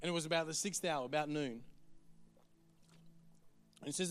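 High-voiced preacher. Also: male voice, fairly bright tone, soft background music. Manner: earnest, conversational, quick to the point. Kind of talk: sermon.

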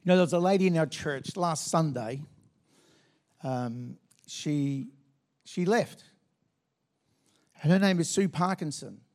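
A man's voice: on the high side, unhurried, long pauses, darkish tone. A man preaching a sermon in a church, fervent and interactive, coaxing the congregation along. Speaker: pastor. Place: church sanctuary.

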